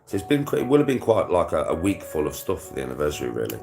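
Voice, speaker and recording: A young British vlogger races through a casual livestream chat, laughing often and full of slang and swearing. His bass voice swings hugely in pitch, with vocal fry and a darkish tone. Soft music plays in the background.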